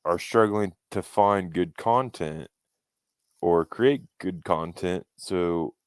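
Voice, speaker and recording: A man's voice: sits low, slow, clean tone, no echo. A man co-hosting a casual podcast chat, rambling with many restarts as he makes his points. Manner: rambling, restarts often, fan opinions. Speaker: podcast co-host.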